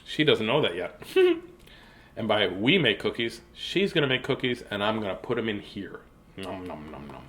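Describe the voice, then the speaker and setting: A man's voice: on the low side, wildly swooping pitch, moderate pace, a bit bright. A middle-aged man hosting a live-streamed children's storytime, chatty and playful, easily sidetracked and greeting young viewers by name. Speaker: children's book reader and show host.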